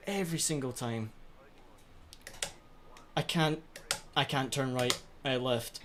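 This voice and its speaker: Man, live racing game stream, mid-pitched voice, frustrated rant, faint clicking behind. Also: slow pace, long pauses, background noise. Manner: frustrated, ranting to himself. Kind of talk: live gameplay commentary.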